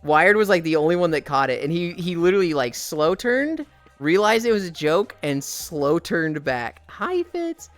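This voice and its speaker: A woman streamer chatting casually while walking on a treadmill, telling animated, profane stories and sounding tired. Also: low voice, normal speed, dry recording, faint music behind.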